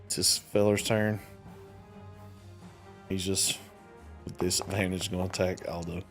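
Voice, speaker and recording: A man's voice: low voice, little pitch movement, a little slow, faint music behind. A man narrating combat and scenes as game master of a tabletop game.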